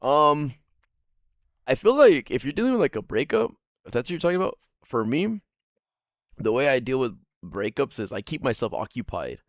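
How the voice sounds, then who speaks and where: A man's voice: medium pitch, big pitch swings, normal speed, no room sound. A man streaming a casual chat, rambling and swearing freely, laughing often.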